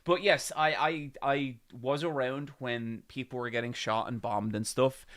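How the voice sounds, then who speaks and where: A man's voice: medium pitch, steady tone, measured pace, a bit bright. An Irish man in his thirties telling a rambling story to his live-stream chat, swearing and getting worked up. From Ireland.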